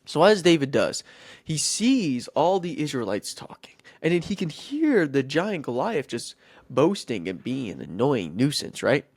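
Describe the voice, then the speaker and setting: A man's voice: mid-range voice, huge pitch swings, measured pace, husky, dry recording. A man hosting a podcast, retelling a Bible story casually with rambling, goofy asides and self-interruptions. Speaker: podcast host.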